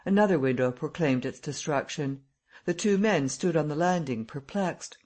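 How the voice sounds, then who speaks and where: A man reading a classic novel aloud as an audiobook narrator, in a steady, measured way. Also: a little high. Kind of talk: scripted narration.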